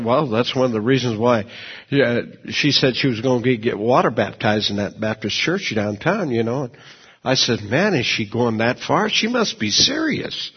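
Male preacher with a husky voice who tells homey stories in the pulpit, recorded muffled and lo-fi. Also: mid-range voice. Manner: folksy, conversational, repeats words and restarts often. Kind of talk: sermon with personal storytelling.

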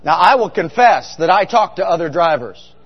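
A man's voice: high-pitched, lively intonation, moderate pace, breathy edge, some chatter behind. A middle-aged man preaching a humorous, story-filled sermon, often asking the congregation questions. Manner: chatty, asks the congregation questions. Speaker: pastor. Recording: dull sound with long hall reverb.

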